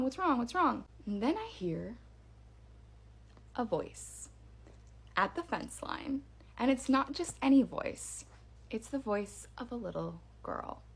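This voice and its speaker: A woman recounting a creepy encounter in a chatty, unscripted way. She talks with plenty of ums and likes, and her voice swings up high when she acts out what she heard. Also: gravelly. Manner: animated, spooky retelling with fillers. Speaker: storyteller. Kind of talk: casual first-person ghost story.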